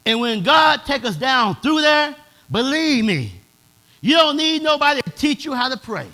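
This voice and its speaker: High, bright-voiced preaching pastor. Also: male voice, sing-song, normal speed. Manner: preaching in a dialect, swelling to shouts. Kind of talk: sermon.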